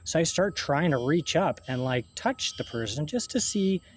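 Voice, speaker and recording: A man, talking in a halting, rambling monologue to camera, full of restarts and swearing. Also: a little high, animated, slight background noise. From Canada.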